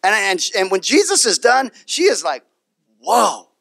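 A male pastor preaching with a bright, forceful voice that swoops widely up and down, roughened by some gravel. He tells the story animatedly, acts out each person in it and repeats his key phrases. The sound is close and dry. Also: high-pitched, very animated, normal speed, dry recording. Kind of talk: sermon.

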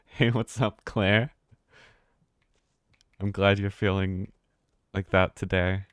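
A man's voice: sits low, steady tone, slow, fairly bright tone, clean tone, no room sound, studio quality. A man streaming a game live, chatting casually and rambling, often swearing and laughing. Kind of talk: casual live gameplay commentary.

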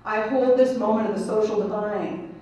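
A woman with a medium-pitched voice gives a keynote at a conference in a large hall, speaking at normal speed. She tells a story with humor, animatedly acting out its characters. The mic is distant, picking up the hall's echo.

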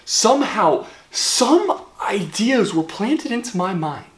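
Halting, emotional man in an echoey room. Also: high-pitched, very animated, a little hiss or hum. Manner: halting, whispery and wavering, often breaking off. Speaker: vlogger. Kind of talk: emotional confessional monologue.

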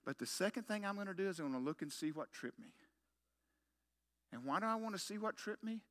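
A man's voice: sits high, lively intonation, fast, a bit bright. A middle-aged man preaching a sermon as pastor, telling a story with self-mocking humor and punchy rhetorical questions.

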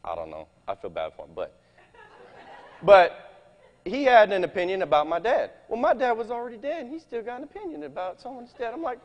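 A man preaching a sermon in a folksy, animated way, reading scripture aloud and talking straight to his congregation. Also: very high voice, brisk, big-room sound, muffled recording. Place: church meeting hall.

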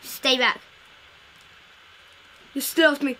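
High, bright-voiced woman narrating gameplay. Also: expressive, slow pace. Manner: chatty, playful, talks to game characters. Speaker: gameplay video host. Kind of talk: casual live game commentary.

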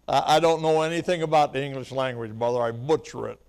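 A male evangelist preaching at a revival, telling his testimony and building up to loud, fervent preaching punctuated with amen and laughter, at times choked up with tears. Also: medium pitch, steady tone, quick pace, hardly any pauses, clean tone. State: choked up, weeping. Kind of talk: revival sermon.

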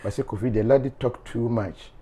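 A man's voice: medium pitch, brisk, a crowd in the background. A man, a show host reading viewer comments aloud in a playful, teasing way with frequent laughter.

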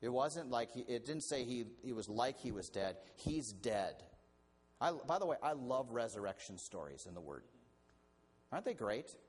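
Animated, lively-pitched male pastor preaching. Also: normal speed, breathy edge. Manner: animated, conversational preaching with frequent restarts. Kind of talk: sermon.

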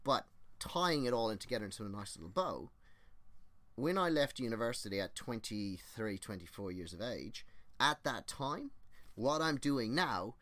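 A man's voice: mid-range voice, big pitch swings, moderate pace, fairly bright tone, no echo. A man on a podcast as a guest, casually telling personal stories, swearing freely and acting out the people he quotes, often restarting and drifting onto tangents. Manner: rambling, restarts and goes on tangents. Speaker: podcast guest, exercise physiologist.

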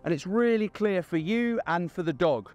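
A man's voice: sits high, lively intonation, normal speed, a little mellow, lo-fi sound, soft background music. A man, a dog trainer, giving an upbeat outdoor demonstration and explaining each step plainly. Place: outdoors on grass.

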